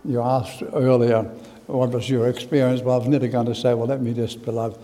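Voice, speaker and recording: A man with an Australian accent preaching a sermon in church and telling a personal story. He stresses words with force, then drops to hushed asides. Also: mid-range voice, level tone, fairly quick, long reverb tail. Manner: emphatic, swings from loud stress to hushed asides.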